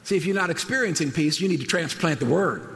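A man preaching a sermon with passion, swinging between soaring, shouted lines and hushed, quiet ones. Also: fairly high pitch, animated, fast, gravelly. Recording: long hall reverb, faint background noise.

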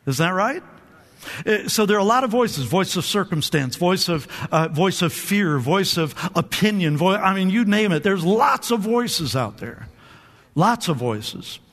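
A man preaching in a high, bright voice, and his words ring out through a big reverberant church hall. He keeps the congregation answering back, pushes on with energy and stumbles over repeated words as he goes. He is a pastor in the middle of a lively sermon. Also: a little slow. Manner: repeats words and restarts often. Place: church sanctuary.

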